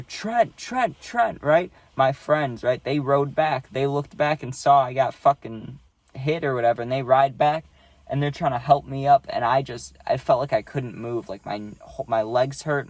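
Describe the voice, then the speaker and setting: A man recounts a story to the camera in a loose, casual monologue. His voice sits at an ordinary middle pitch and sounds close and dry, with no room echo. He rambles, swears freely and keeps checking in with "right?". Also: a little mellow. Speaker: vlogger telling a personal story.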